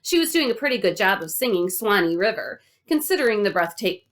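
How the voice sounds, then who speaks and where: A woman reading a children's novel aloud in an animated, expressive way. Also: mid-range voice. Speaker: audiobook reader.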